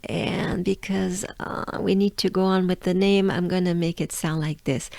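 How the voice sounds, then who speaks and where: A woman's voice: lowish voice, unhurried, gravelly, darkish tone, no echo. A woman from France with a French accent, teaching pronunciation and drilling exaggerated vowel sounds over and over. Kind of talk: pronunciation lesson.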